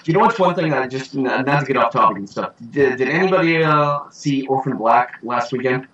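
A man talks in a loose, rambling way, full of fillers and restarts, as he hosts a casual podcast chat. His voice is bright and forward with a husky edge. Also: medium pitch, brisk, dull audio. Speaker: podcast host.

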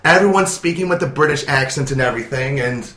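A man co-hosting a casual podcast, giving a rambling, relaxed review of an anime. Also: mid-range voice, fast, roomy sound. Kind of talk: casual chat.

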